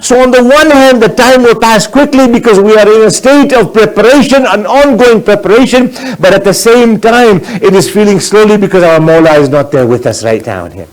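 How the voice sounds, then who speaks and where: A man's voice: high-pitched, poor audio. A man giving a sermon as a sheikh, earnest and exhorting, mixing in Arabic religious phrases.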